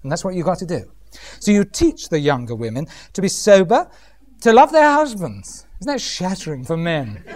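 A man's voice: high voice, very animated, moderate pace, darkish tone. A middle-aged man preaching a humorous sermon, often mimicking other voices.

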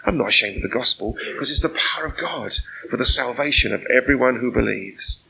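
A man's voice: mid-range voice, animated, brisk, creaky, bright, forceful tone, slight background noise, poor audio. A man preaching an informal sermon, chatty and earnest, often asking the listeners rhetorical questions. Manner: conversational, full of rhetorical questions; personal and earnest.

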